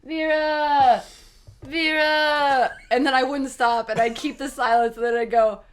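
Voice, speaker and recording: A woman guest in a casual interview, telling animated stories, laughing often and acting out quoted dialogue. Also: a little high, fairly quick.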